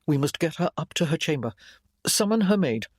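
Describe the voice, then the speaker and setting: A steady young lord, in a narrator's own voice, firm and reasonable, his speech full of expressive rises and falls. The sound is dry and close, with no room in it. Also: on the high side, brisk, husky, no echo. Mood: urgent. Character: young nobleman, protective husband and son. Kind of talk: audiobook character voice.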